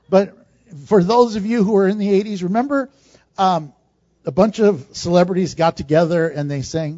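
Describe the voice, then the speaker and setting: A man's voice: sits high, lively intonation, normal speed, dark tone, no room sound. A man preaching a sermon to a congregation in a conversational style, with asides and jokes. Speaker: pastor. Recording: dull, dry recording.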